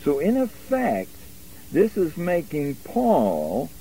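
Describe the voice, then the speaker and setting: Lively emphatic male Bible teacher. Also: a little high, vocal fry, a little hiss or hum, poor audio. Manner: emphatic, stresses single words slowly. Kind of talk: verse-by-verse Bible lesson.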